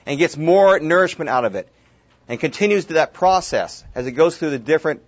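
In a dull, lo-fi room recording, a man runs a Bible study class in a fairly high, animated, brisk voice. His talk is casual, with restarted, repeated words and asides to the group.

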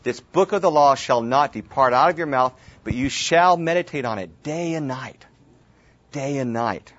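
A man teaching a Bible study class, talking casually and restarting words as he goes. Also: on the high side. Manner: repeats words as he restarts, casual asides to the group. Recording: dull lo-fi room recording.

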